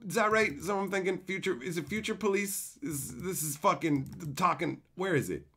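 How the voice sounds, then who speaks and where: A man live-streaming as he opens card packs and reads viewer messages aloud, in profane, excitable, rambling banter. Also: sits high, brisk, slightly rough.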